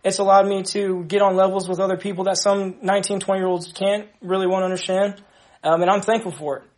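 High-voiced young man, earnest testimony. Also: level tone, a little mellow. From Dallas, Texas. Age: young adult. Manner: earnest, halting, many restarts. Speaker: ministry member giving testimony. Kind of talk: personal testimony to a group.

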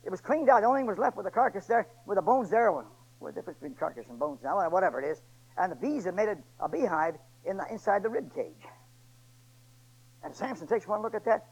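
A man preaching a sermon in a folksy, colloquial storytelling way that swings between booming emphasis and hushed asides. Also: lively intonation, fast, breathy edge, dull audio.

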